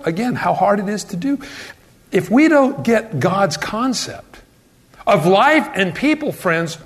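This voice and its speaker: A man preaching a sermon as pastor, asking questions and answering them himself. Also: high-pitched. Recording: long hall reverb.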